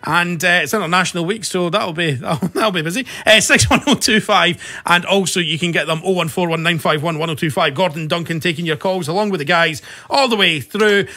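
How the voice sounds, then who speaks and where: A man's voice: sits high, a little fast, hardly any pauses, bright, forceful tone. A Scottish man hosting a football podcast, teasing his co-host and running the segments in casual banter. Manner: teasing, wry, runs the segments.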